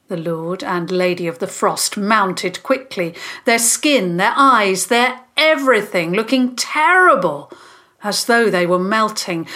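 A woman narrating a children's story in an expressive, scripted way. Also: mid-range voice. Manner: slow, expressive.

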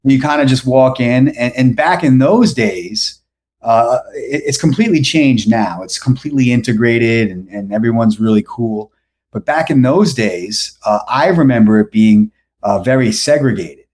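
A man's voice: mid-range voice, moderate pace, darkish tone. A man from New York telling a story as a podcast guest, rambling with lots of fillers and restarts. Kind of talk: casual storytelling.

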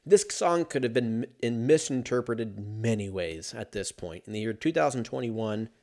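Brief: male podcast host, mid-pitched voice, loose profane rambling, self-mocking asides. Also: expressive, normal speed, vocal fry, darkish tone. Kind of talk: casual solo podcast chat.

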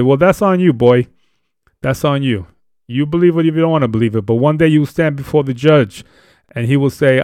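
A man's voice: a little high, a little fast, clean tone, dry recording, studio quality. A man hosting a live show and teaching on scripture, emphatic and plain-spoken, pressing his points with blunt rhetorical questions. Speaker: host and Bible teacher.

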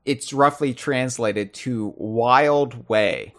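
A man co-hosting a podcast in casual chat, animated and thinking aloud, often restarting and repeating words. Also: very slow. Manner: animated, puts on a loud booming trivia voice. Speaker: podcast co-host.

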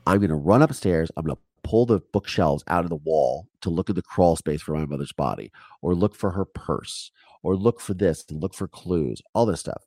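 In a dry recording, a low-pitched man in his forties, appearing as an interview guest, tells a personal story casually and with animation. He quotes people in put-on voices and swears along the way.

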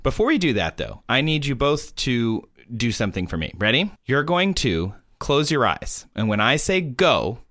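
A man hosting a casual science podcast, animated as he explains ideas and leads little games. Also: mid-range voice, normal speed, few pauses, no room sound, studio quality. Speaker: podcast host.

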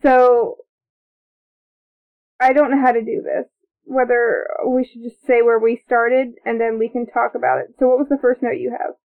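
A chatty, excitable woman co-host reacts to a film and reads out her notes. Her voice sits fairly high with a gravelly fry. The sound is thin and tinny, like a phone line. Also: normal speed. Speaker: podcast co-host. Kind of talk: casual movie-watching chat.

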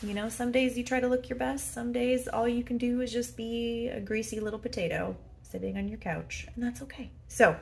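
A woman's voice: a little high, steady tone, moderate pace, vocal fry, few pauses. A woman hosting a solo podcast from her bedroom as a head coach, chatty and self-deprecating, with many fillers. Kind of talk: casual solo podcast monologue.

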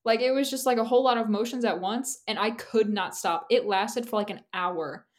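A young woman co-hosts a podcast in relaxed, casual chat. She talks candidly and rambles, laughing often and leaning on "like" as she goes. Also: a little high, brisk. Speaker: podcast co-host.

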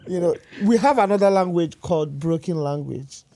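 A man's voice: high-pitched, lively intonation, moderate pace, warm tone. A man from Nigeria with a Nigerian accent, explaining things in a matter-of-fact way in a casual chat among friends.

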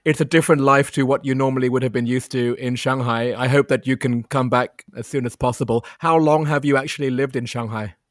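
A male podcast host asking questions politely and warmly in a medium-pitched voice. The recording is close and dry. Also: fairly even intonation, fairly quick, hardly any pauses, no room sound. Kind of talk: interview.

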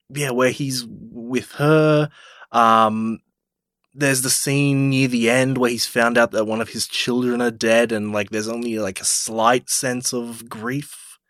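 A man's voice: mid-range voice, a bit bright, dry recording. Rambling man on a podcast, dry. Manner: rambling, hesitant, many fillers. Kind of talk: casual film discussion.

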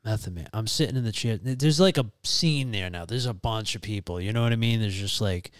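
Low-voiced man telling stories. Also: brisk, no room sound, clean studio sound. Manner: animated, profane, acts out voices in anecdotes. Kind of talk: casual storytelling chat.

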